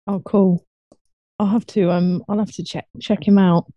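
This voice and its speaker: A woman chatting as a guest on a video call. Her voice is dark and mellow, soft and amused, and the sound is dry and close. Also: medium pitch, steady tone, normal speed, dry recording, lo-fi sound. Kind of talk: casual video call chat.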